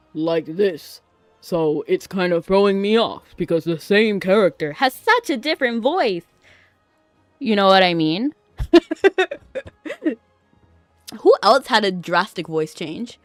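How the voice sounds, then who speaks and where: A woman streaming a game, chatting excitably and laughing often as she reacts to it. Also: mid-range voice, no room sound. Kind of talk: casual gameplay commentary.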